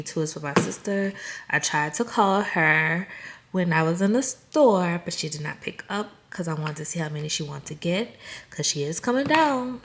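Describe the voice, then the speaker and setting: Gravelly-voiced woman chatting through a haul. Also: deep voice, background noise. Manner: chatty, self-amused, talks to viewers directly. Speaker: vlogger. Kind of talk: casual haul chat.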